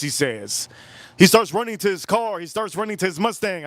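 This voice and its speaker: A man in his forties hosting a casual livestream outdoors, telling animated stories and calling out viewers by name. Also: high voice, a little fast, no room sound. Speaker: livestream host.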